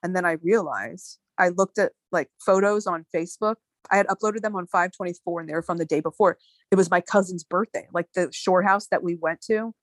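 A woman in her thirties telling a story in casual conversation, animated, with many fillers and swearing. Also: on the low side, brisk, no room sound. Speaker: guest.

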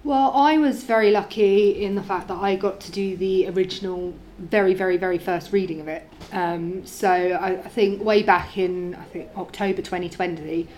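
A woman's voice: mid-range voice, fairly even intonation, moderate pace, hardly any pauses, a little mellow, a little hiss or hum. A woman actor in an interview, talking eagerly about her part with frequent restarts. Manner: enthusiastic, many restarts. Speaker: lead actor. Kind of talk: casual interview.

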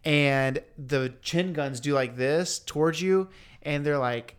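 On a podcast, a man with a voice slightly high for a male tells a story in casual chat, animated and laid-back and loaded with slang. He acts out other people's lines along the way, taking it slowly in a clear, resonant tone.

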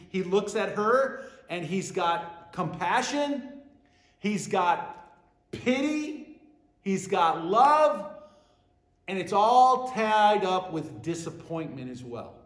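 A man preaching a sermon, animated, his voice dropping soft and low when he quotes Jesus. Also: reverberant.

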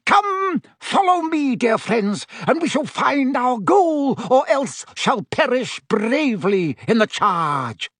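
A man's voice: very high-pitched, big pitch swings, slow pace, hardly any pauses, fairly bright tone, no echo, studio quality, voice pushed up, full character voice. A male audiobook reader voicing a bombastic little knight who lives in a painting and calls out grand battle cries. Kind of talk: audiobook character voice.

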